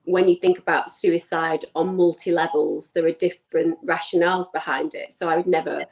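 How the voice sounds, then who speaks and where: A woman with a fairly low voice answers as a psychologist guest. She speaks fluently and articulately, leaning on repeated words for emphasis. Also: level tone, normal speed, vocal fry, darkish tone, rough recording. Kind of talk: conversational interview.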